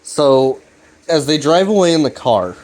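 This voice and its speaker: A man talking through a loose, laid-back recap, cursing freely and often restarting his sentences. His voice sits somewhat higher than most men's. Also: very animated, measured pace, darkish tone. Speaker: video series host. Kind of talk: casual rambling recap.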